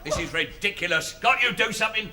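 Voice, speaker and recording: A man's voice: high voice, fast, pushed and bright. A man in a 1970s sitcom, grumbling and sarcastic. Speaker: sitcom character, grumpy son-in-law.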